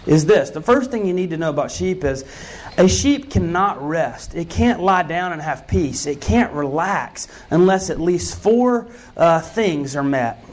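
Male pastor, sermon, conversational storytelling, earnest, slightly high voice. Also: lively intonation, a little slow.

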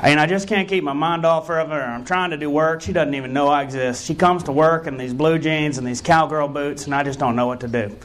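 A heartbroken young country fellow, as a man puts him on pours out his woes in a slow, pleading tone. The voice sits a little high. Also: fairly bright tone, close to an everyday voice. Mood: mournful.

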